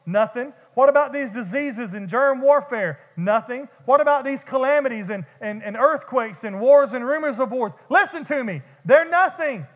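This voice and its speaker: High-voiced preacher in echoey church. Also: male voice, normal speed, few pauses. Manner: animated, conversational preaching with vivid humor and repeated words. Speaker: pastor. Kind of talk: sermon. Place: church sanctuary. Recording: dull echoey church hall.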